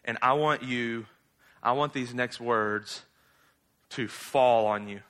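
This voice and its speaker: Male pastor, bright and forceful tone, casual storytelling sermon with playful slangy asides. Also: slow. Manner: conversational preaching, acts out bible characters with slangy asides; rises to loud, high exclaims when animated.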